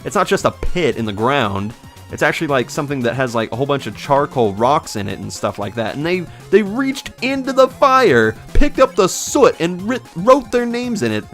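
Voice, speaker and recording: A man in his twenties chats as a game commentator, spinning a casual story with a sarcastic, profane edge. His pitch swings widely as he talks. Faint music plays underneath. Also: sing-song, normal speed, fairly bright tone. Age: 20s.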